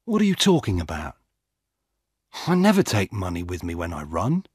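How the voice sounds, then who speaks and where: A man's voice: low-pitched, huge pitch swings, moderate pace, a little mellow, slightly rough, dry recording, clean studio sound, full character voice. A man playing a defensive young jogger.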